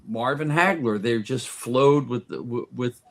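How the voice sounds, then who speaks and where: A man's voice: medium pitch, a little slow. A man who is a guest on a sports talk radio show, telling stories in a casual chat and often restarting and repeating words.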